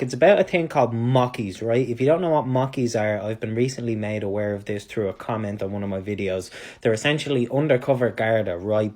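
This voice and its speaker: A man's voice: medium pitch, a little mellow. A young man with a Dublin accent gives mock-serious advice in a satirical comedy monologue, swearing casually. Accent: Dublin Irish.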